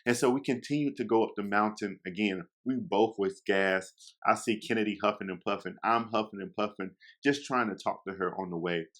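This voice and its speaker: A young man with a fairly low voice tells a casual story to his listeners. He is chatty and animated, slipping into quoted lines and talking straight to the people listening. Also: fairly quick. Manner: chatty, addresses listeners directly.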